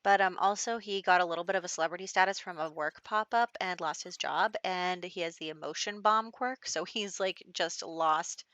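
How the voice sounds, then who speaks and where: Her voice lowish and a bit bright, a gameplay commentator talks through a life-sim let's-play at a moderate pace with few pauses. She's casual and chatty, laughs often, and briefly voices characters. No echo is present.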